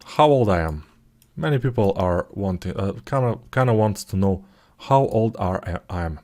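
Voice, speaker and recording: A man in his forties, talking through a live 3D modeling tutorial in a low-key way, murmuring quietly while he concentrates and dropping joking asides. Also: animated, normal speed. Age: 40s.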